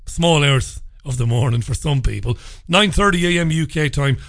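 A man's voice: a little high, moderate pace, fairly bright tone, no room sound, studio quality. A man hosting a live radio talk show in a chatty, upbeat way with rambling asides. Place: radio studio.

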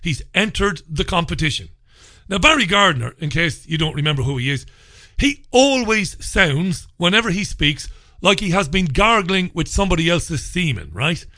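A male radio talk show host giving crude, mocking commentary with loud bursts. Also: high-pitched, expressive, normal speed, no echo, studio quality. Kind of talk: ranting commentary.

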